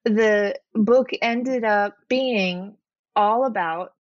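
A woman's voice: mid-range voice, extremely slow, dry recording, highs cut off. A woman telling a personal story as a podcast guest, earnest and reflective. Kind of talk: heartfelt interview talk.

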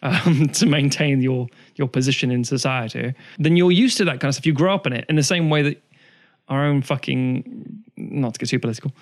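A man's voice: medium pitch, a little fast. A man, co-hosting a casual podcast chat, rambling through long digressions and swearing freely. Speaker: podcast co-host.

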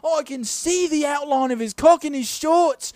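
A man's voice: very high-pitched, normal speed, dry recording. Drunk young man doing goofy sports commentary. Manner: loud, laughing, swings into playful announcer bits. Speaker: podcast co-host. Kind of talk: drunk comedic chat and mock sports commentary.

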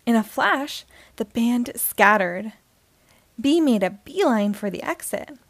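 A woman reads a picture book aloud to children, slow and expressive. Her voice sits fairly high, and the recording is close and dry with no room sound. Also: no echo. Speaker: host and reader.

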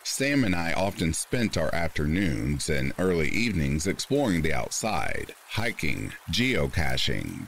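Deep-voiced male narrator with an expressive, shifting pitch; deliberate scripted horror reading over soft rain. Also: vocal fry, a little hiss or hum. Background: faint rain.

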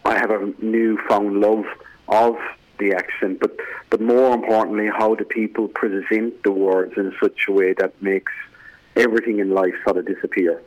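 A man's voice: fairly low pitch, flat delivery, normal speed, muffled recording. A man with an Irish accent, a guest in a casual radio interview, rambling with many fillers and restarts. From Ireland.

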